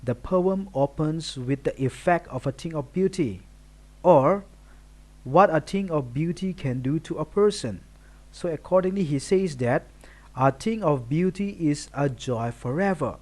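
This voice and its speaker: Slow-talking man teaching a poem. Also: a little high, darkish tone. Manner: slow, deliberate explaining, listing words one by one. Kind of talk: recorded poetry tutorial.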